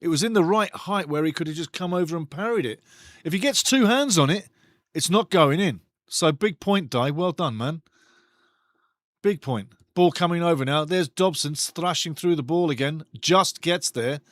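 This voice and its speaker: Bloke doing a live footy watch-along, high-ish voice, dry close sound, chatty and fired up. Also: male voice, moderate pace, no room sound. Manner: excitable, chatty, reads out viewer comments.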